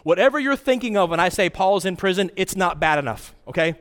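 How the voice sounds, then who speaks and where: A man preaching a sermon as pastor, in a conversational, animated style with casual asides. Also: high-pitched, fairly quick, clean tone. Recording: long hall reverb.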